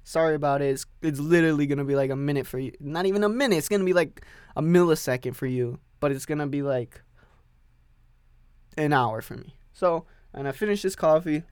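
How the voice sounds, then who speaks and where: A man hosting an unscripted solo podcast, rambling crudely and cursing, with loud sudden outbursts. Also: fairly high pitch, brisk, clean tone, no room sound, clean studio sound. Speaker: podcast host.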